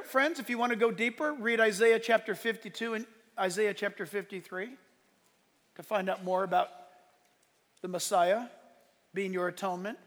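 High-voiced animated pastor in a hall. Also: male voice, normal speed. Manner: animated storytelling, acts out exchanges with loud outbursts. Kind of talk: sermon. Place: church sanctuary.

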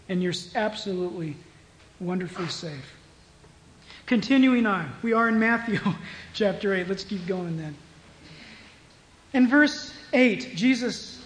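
Storytelling preacher man with a high voice. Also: poor audio. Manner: storytelling, swings from hushed to loud and emphatic. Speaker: pastor. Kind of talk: sermon.

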